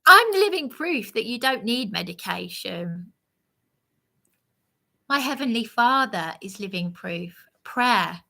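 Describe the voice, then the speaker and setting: A woman rambling through a live monologue, preaching and sounding aggrieved as she answers a commenter in a slow, halting way. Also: fairly high pitch, big pitch swings, vocal fry, sharp tone.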